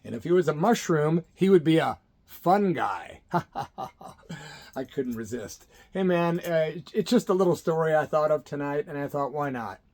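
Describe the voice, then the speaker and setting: A man's voice: fairly high pitch, expressive, normal speed, darkish tone. A middle-aged man from Illinois, hosting his own channel and telling a story in a laid-back, jokey way. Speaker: channel host. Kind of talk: casual storytelling to camera.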